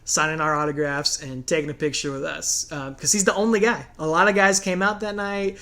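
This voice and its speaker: A man's voice: on the high side, fairly even intonation, a little fast, sharp tone. Laughing man telling fan stories. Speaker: podcast co-host. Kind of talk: casual storytelling chat.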